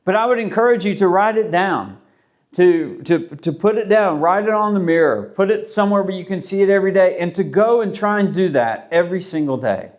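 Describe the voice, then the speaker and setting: Male pastor, slightly higher voice, chatty sermon delivery full of repeated questions. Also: expressive, fairly quick. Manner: conversational, rambling with restarts and rhetorical questions.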